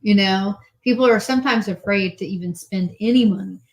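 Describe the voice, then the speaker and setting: A woman mortgage lender talking casually, relaxed and conversational, quoting her clients. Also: mid-range voice, brisk, low-quality recording. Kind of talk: casual chat.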